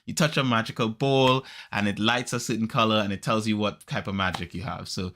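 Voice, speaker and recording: A podcast host chatting casually, retelling a story in an animated way and acting out the characters. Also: male voice, fairly low pitch, fairly quick. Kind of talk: casual chat.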